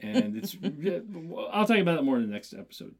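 A man's voice: fairly high pitch, sing-song, a little fast, gravelly, darkish tone. A man co-hosting a podcast who rambles through casual chat. He laughs easily and fills his sentences with "uh" and "like". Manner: rambling, laughs often, many fillers. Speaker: podcast co-host.

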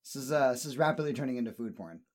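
A man's voice: medium pitch, expressive, rapid-fire, crowd noise. Playful man in casual chat. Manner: playful, teasing.

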